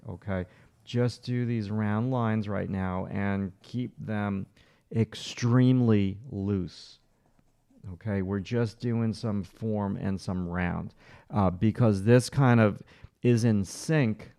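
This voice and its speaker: Male drawing instructor, livestream, running commentary, clean resonant voice with some fry, dry close mic. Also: on the low side, a little mellow, no echo. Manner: talks through each stroke in short, encouraging bursts. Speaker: art instructor. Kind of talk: livestream drawing lesson, thinking aloud while sketching.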